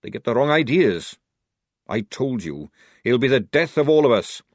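A man voicing a gruff, scheming old army sergeant who talks loudly and indignantly. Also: mid-range voice, big pitch swings, moderate pace, dry recording, studio quality, pitched above the performer's own voice. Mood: blustering. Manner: loud, blustering, indignant.

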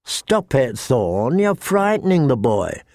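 A man reading an audiobook, voicing a clever dwarf nobleman who speaks in a calm, wry way. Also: mid-range voice, takes it slowly, no echo, studio quality.

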